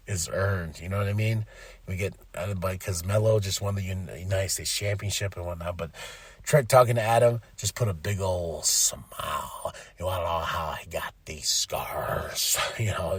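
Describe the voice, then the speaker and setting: An animated man with a fairly low voice, talking straight into a close mic in a dry, dead room. He chats casually and excitably, cursing and laughing as he goes. His delivery swings between loud bursts and muttered asides. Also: breathy edge, dry recording. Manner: excitable, animated, swears, laughs, mimics people. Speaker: podcast host. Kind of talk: casual solo recap.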